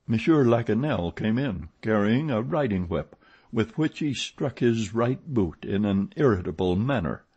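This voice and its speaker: A man reading a classic novel aloud as an audiobook narrator, in a measured, expressive way. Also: on the low side, slightly rough. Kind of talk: scripted narration.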